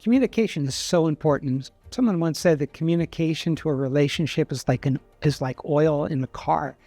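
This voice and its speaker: A man's voice: on the high side, brisk, warm tone, no echo, soft background music. A man speaking earnestly for a church, promoting an event and illustrating his point with a story.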